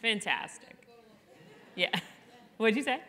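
A woman's voice: fairly high pitch, very animated, slow pace, pushed and bright. A middle-aged woman, an author guest, talking candidly and chattily on a live event stage, self-deprecating and full of "like.". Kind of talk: candid conversational interview.

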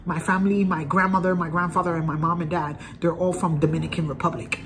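A man's voice: fairly high pitch, little pitch movement, fast talker, crowd noise. A man in his thirties, talking casually to camera as a vlogger in an earnest, rambling way and repeating phrases. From United States. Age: 30s. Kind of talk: casual direct-to-camera vlog.

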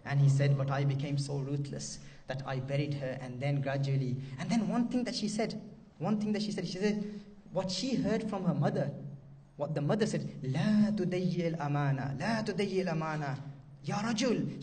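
Male preacher, impassioned, repetitive sermon delivery, fairly high mellow voice, distant mic. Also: moderate pace. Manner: impassioned, repeats phrases, Arabic devotional phrases. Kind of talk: emotional sermon storytelling.

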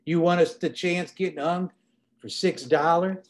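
A man's voice: a little high, steady tone, measured pace, voice pushed up, natural voice. A man voicing an earnest, skeptical male soldier who talks bluntly in folksy dialect. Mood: stern.

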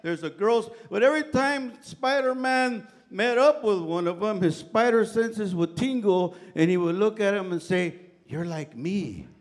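A man's voice: high-pitched, moderate pace, few pauses. A middle-aged male pastor preaching in a church, telling stories in a casual, colloquial way full of "man" and "right?". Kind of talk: sermon with humorous personal stories. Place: church sanctuary.

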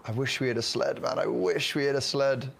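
A young man in casual gaming banter, easily excited and quick to tease. He laughs a lot and talks at an ordinary middle pitch, close on a headset mic. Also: vocal fry, a little hiss or hum. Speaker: gamer.

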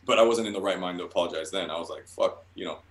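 A guest artist in a casual interview tells stories at a very fast clip, rambling, swearing often and stumbling through restarts. His voice sits low, and the audio is poor and reverberant.

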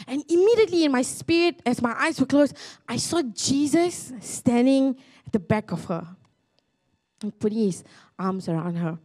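A high-pitched young woman preaches a sermon. She tells her story earnestly, often restarting her sentences, and her voice climbs as she gets excited. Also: moderate pace. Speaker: pastor. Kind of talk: sermon testimony.

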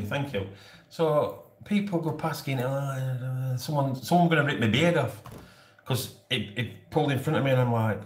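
Medium in pitch with lively intonation and normal speed, a man in his forties with a Yorkshire accent hosts a relaxed live stream. He rambles and jokes to his viewers with frequent laughs, in a space with a roomy echo.

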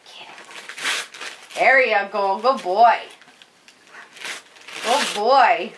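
A woman's voice: medium pitch, extremely slow, noisy background. A woman talking to her dog in a coaxing, sing-song way while filming a home video indoors. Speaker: dog owner.

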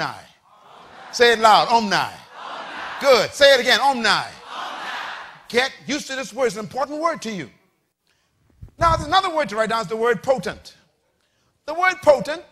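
Male preacher, very high, bright and piercing, animated pitch, call-and-response sermon that rises to shouts. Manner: spells out words for the congregation.

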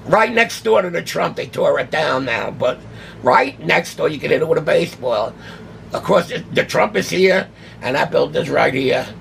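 An older New man with a deeply gravelly, rough voice spins a casual story, jumping into the voices of the people in it. He sits a little high in his register, and a faint hum of room ambience sits under him. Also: normal speed. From New York City. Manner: animated, acts out quoted dialogue. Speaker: guest, autograph collector.

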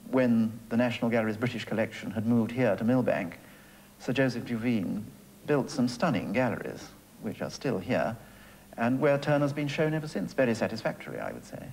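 A man calmly explaining a collection's history in a measured way, for a documentary. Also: mid-range voice, slight background noise, poor audio.

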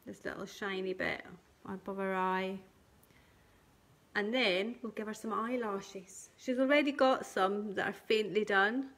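A woman's voice: medium pitch, fairly even intonation, unhurried. Woman guiding a live colouring tutorial. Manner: gentle step-by-step guidance, thanks viewers by name. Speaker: craft tutor.

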